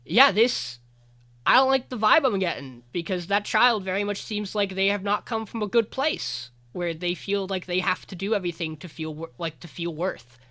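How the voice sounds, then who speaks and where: A man's voice: sits high, moderate pace, bright, forceful tone, pitched above the performer's own voice. A man voicing a concerned, grizzled older male adventurer, speaking earnestly.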